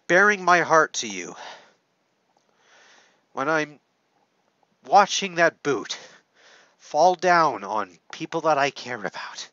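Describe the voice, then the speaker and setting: A man speaking to camera in a heartfelt confessional, choked up with emotion, halting and profane, with frequent restarts. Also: fairly high pitch, big pitch swings, bright, forceful tone, no echo, lo-fi sound. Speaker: content creator. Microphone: camera setup.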